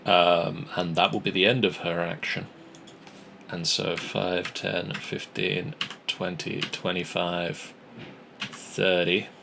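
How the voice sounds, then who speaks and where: Slow, gravelly game master. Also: male voice, deep voice, flat delivery, pushed and bright, a little hiss or hum. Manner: slow, halting narration with long pauses. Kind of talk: narrating a tabletop game.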